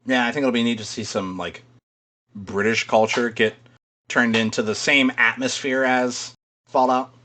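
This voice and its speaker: A man's voice: mid-range voice, steady tone, moderate pace, sharp tone. A man co-hosting a podcast in casual chat, rambling, swearing freely and laughing often. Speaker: podcast co-host.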